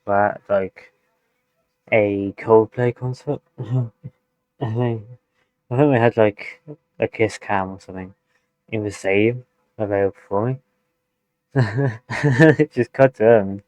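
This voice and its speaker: British reactor with a low voice, chatty and giggly, recorded dry and close. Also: male voice, fairly even intonation, takes it slowly, long pauses, a little mellow, no echo, lo-fi sound. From United Kingdom. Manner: loose and chatty, laughs easily, hedges with "like". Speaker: reaction video host. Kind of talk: casual reaction commentary.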